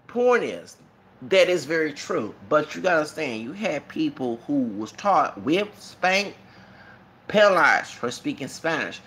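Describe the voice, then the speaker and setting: A Texas YouTuber with a slightly high voice takes his time through a casual, rambling monologue. He's animated, laughs often, and keeps wandering into asides.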